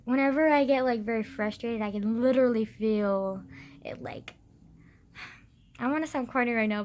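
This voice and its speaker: A woman's voice: on the high side, darkish tone, a little hiss or hum. Exasperated young woman ranting, fillers throughout. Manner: exasperated, sarcastic, heavy use of "like", swears; mocks others in exaggerated put-on voices. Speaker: vlogger. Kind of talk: casual rant.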